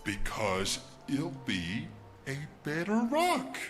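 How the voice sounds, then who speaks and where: A woman's voice: a bass voice, huge pitch swings, slow pace, faint music behind, heavily acted. A woman voicing a playful, upbeat young companion in a video game, cheerful and teasing.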